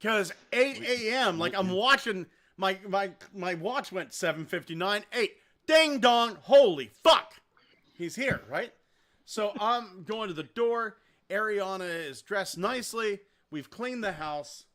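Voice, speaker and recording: A man tells a story on a podcast, talking casually and rambling. He swears freely and stays animated throughout. His voice sits high and sounds bright. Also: a little slow. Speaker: podcast host.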